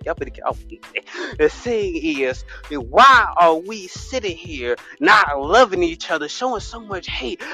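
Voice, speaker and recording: A man podcast host doing a comedic mock sermon, shouting in a preacher's cadence with whoops and laughter. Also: high voice.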